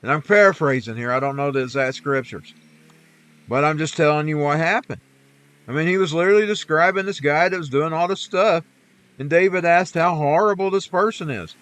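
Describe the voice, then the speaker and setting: The recording is clean with no echo, capturing a brisk, slightly bright voice on the high side. While gaming, the streamer chats and wanders into folksy, preachy musings on faith and scripture.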